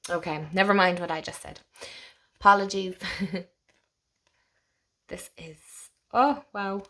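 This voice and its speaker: A young Irish woman chatting casually as she walks through a tarot deck, gushing and laughing, sometimes dropping to a soft whisper. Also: mid-range voice, steady tone, slow pace. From Ireland. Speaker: tarot channel host.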